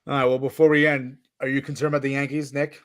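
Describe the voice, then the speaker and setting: A man's voice: mid-range voice, little pitch movement, fast, fairly bright tone, no room sound, studio quality. A man co-hosting a casual sports podcast, joking and laughing often as he talks. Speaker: podcast co-host.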